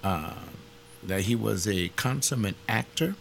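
A man's voice: on the low side, lively intonation, a little slow, gravelly, a bit bright, slight background noise. A man who leads Bible studies, speaking informally in a blunt, emphatic, rambling way. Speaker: Bible study teacher. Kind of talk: informal teaching talk.

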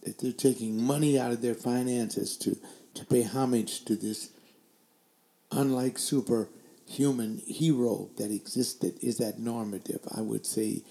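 Older male webcast host, warm and mellow, asks question after question, echoey room. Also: medium pitch, steady tone, measured pace, creaky. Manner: strings together rhetorical questions. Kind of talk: opinion commentary to a webcast audience. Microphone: desk microphone, later adjusted to sit further back.

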